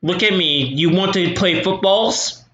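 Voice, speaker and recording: A man putting on the voice of a clumsy male zombie who speaks in slow, broken English while pretending to be human. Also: sits high, a bit bright. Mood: awkward. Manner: slow broken grammar, awkward. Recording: roomy echo.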